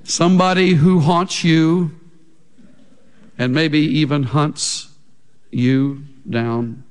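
A man preaching a sermon as a pastor, slow and emphatic, with big swings in pitch and loudness. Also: steady tone, smooth, big-room sound.

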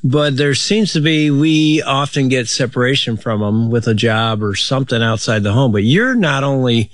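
A man's voice: medium pitch, moderate pace, no echo. A man hosting a faith talk show, asking rambling, searching questions of his guests. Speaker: host.

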